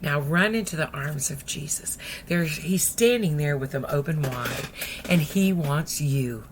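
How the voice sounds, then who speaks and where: A woman preacher telling a parable in an animated, folksy style, dropping at times to near whispers. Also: sits low, measured pace, slight background noise. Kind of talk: storytelling sermon.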